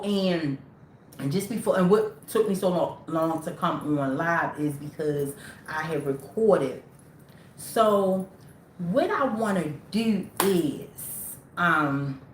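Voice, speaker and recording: Woman, lowish voice, rambling livestream chat to viewers, echoey room, faint rumble behind. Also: fairly bright tone. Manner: rambling, talks straight to viewers. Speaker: livestream host. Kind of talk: casual livestream talk.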